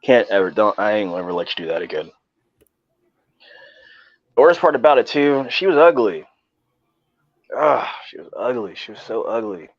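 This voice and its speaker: A man's voice: on the low side, big pitch swings, moderate pace, pauses often, no room sound. A young man casually telling a rambling, profane story in slangy talk. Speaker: podcast co-host. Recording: dull lo-fi dry sound.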